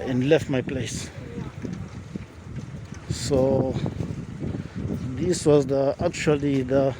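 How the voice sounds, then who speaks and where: A man from Africa telling a personal story to camera as a vlogger, animated and acting out quoted exchanges in a raised voice. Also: mid-range voice. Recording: urban outdoor noise with passing traffic.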